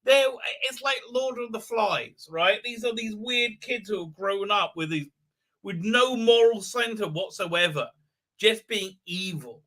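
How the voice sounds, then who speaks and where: A man's voice: sits high, unhurried, pushed and bright. A middle-aged man hosting a casual livestream, rambling with many fillers and restarts. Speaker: livestream host.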